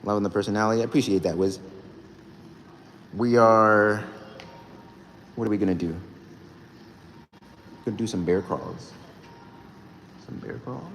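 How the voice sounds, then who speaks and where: With a low-ish, casual voice, vocal fry and long pauses, a young male streamer and rapper talks at a measured pace. He reads comments and thanks and hypes viewers in a loose, rambling way, from an echoey gym with faint background noise.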